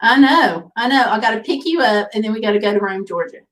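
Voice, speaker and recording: Woman, livestream host, chatty, reading comments, higher pitch, a little distant from mic. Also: fast talker. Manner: chatty, easygoing, reads comments aloud. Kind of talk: casual livestream chat reading viewer comments. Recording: voice picked up from a distance.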